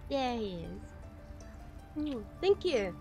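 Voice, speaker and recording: Excitable high-voiced woman streamer. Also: drawn-out words, soft background music. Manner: excitable, swears, chats with viewers. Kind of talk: live gameplay commentary.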